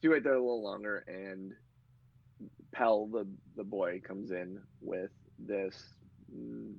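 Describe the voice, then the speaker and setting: A man hosts and narrates a tabletop game as game master, talking loosely with many fillers. His voice sits low with a husky, gravelly texture. The recording sounds muffled and lo-fi. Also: no echo. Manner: filler-heavy, laughs often. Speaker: game master and podcast host.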